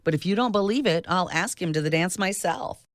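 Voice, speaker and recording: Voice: mid-range voice, fairly quick, no room sound, studio quality, pitched above the performer's own voice, lightly acted. A narrator voicing a bossy teenage cheerleader girl who insists on her point, in a storybook reading. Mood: insistent. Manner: insistent, a bit pushy.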